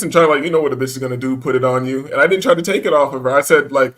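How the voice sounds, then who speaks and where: A man's voice: medium pitch, rapid-fire, few pauses, fairly bright tone. A man telling a story in casual chat, acting out the quotes and laughing often, with profane slangy banter.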